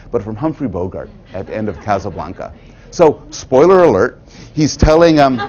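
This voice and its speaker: Animated man giving a thoughtful lecture. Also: lowish voice, dull audio, slight background noise. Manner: animated, thoughtful, with wry asides. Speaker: public lecturer. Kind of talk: prepared talk to an audience.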